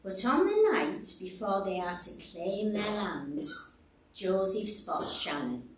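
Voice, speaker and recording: A woman preaches at an unhurried pace with a lively, rising-and-falling voice. Her delivery is deliberate and warmly expressive. Her voice echoes around a roomy church hall, picked up from a little way off the microphone. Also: medium pitch, distant mic, slight background noise. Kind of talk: sermon. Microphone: stage microphone.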